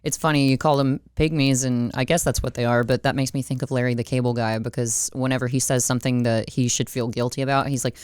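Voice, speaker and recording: A woman's voice: very deep voice, fairly even intonation, fast talker, hardly any pauses, a little mellow, smooth, dry recording, clean studio sound. A woman co-hosting a casual movie podcast, chatty and laughing as she talks. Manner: chatty, laughs while telling. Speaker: podcast co-host.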